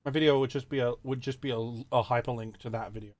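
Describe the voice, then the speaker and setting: A man hosting a casual gaming chat, telling stories with animated repeats. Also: medium pitch, fast, no room sound. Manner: animated storyteller, repeats phrases.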